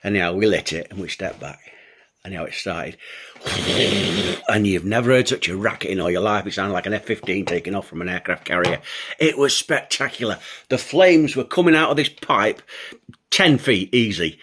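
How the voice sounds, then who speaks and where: A man's voice: on the low side, normal speed, fairly bright tone, slightly rough. An older man, a show host, telling a childhood story and laughing as he goes. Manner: amused, laughs between lines.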